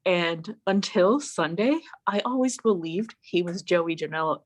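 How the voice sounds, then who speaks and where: A woman's voice: on the low side, a little slow. A woman guest on a casual online talk show, telling stories with lots of swearing and acted-out quotes. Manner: profane, animated storytelling with acted-out quotes. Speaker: podcast guest. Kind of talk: casual storytelling chat. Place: home, remote call.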